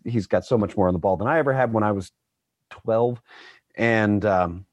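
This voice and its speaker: A man's voice: fairly low pitch, moderate pace, no room sound. A man in his fifties, a guest actor chatting casually on a podcast, rambling with self-deprecating asides. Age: 50s.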